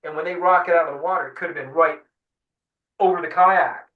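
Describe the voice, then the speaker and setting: A man being interviewed, telling a lively story and acting out what the others said. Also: on the high side, fairly quick, phone-quality sound. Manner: animated storyteller acting out voices. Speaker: guest fly-fishing guide. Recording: roomy sound, mic at a distance.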